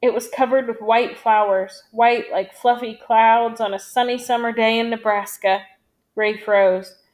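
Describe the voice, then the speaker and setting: A woman reading a novel aloud in a steady, measured storytelling manner. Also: on the high side. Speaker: audiobook reader.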